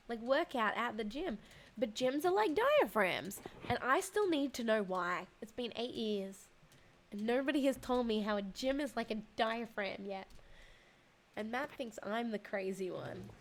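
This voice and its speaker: A woman streaming a game and chatting casually, telling stories with lively laughter. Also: a little high. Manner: animated storyteller, laughs while telling. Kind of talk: casual gaming chat.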